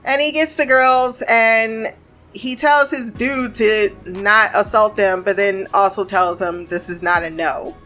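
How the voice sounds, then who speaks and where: A woman casually recapping a TV episode, chatty and laughing, quoting characters in quick bits. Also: medium pitch, steady tone, pushed and bright, faint music behind. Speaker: show recapper.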